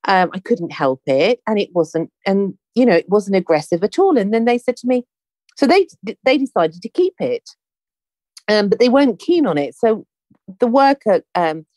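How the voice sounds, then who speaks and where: Lively, chatty woman host telling stories. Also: mid-range voice, normal speed, no room sound. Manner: chatty, animated, acts out quoted dialogue. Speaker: podcast host. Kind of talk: casual anecdotal storytelling.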